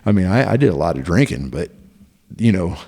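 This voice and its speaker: A man with a low, gravelly voice recounts a story on a podcast. He talks in a halting, animated way, full of fillers and restarts. The delivery is loose and conversational. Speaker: podcast guest. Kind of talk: casual storytelling.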